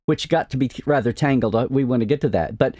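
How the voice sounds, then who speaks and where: A man's voice: mid-range voice, fast, a little mellow, dry recording, studio quality. A man hosting a casual interview, asking questions in an inquisitive, conversational way. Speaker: host.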